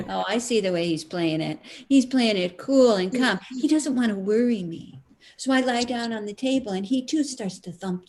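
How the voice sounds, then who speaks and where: A middle-aged woman telling a comic story in an animated, self-mocking way. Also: a little high, moderate pace. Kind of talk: comic storytelling at a live stream concert.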